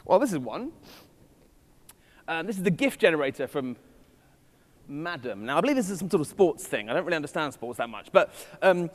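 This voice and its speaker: A man's voice: a little high, big pitch swings, brisk, pauses often. Playful Englishman talking in a big hall. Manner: playful, self-mocking asides to the audience. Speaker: conference speaker. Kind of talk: keynote talk to a live audience. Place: festival stage in a large hall. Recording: long reverb of a large hall.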